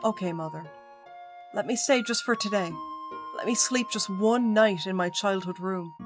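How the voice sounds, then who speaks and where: A woman's voice: mid-range voice, normal speed, lightly acted. A woman voicing a devoted young daughter who pleads earnestly and tearfully with her mother. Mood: pleading. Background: game music.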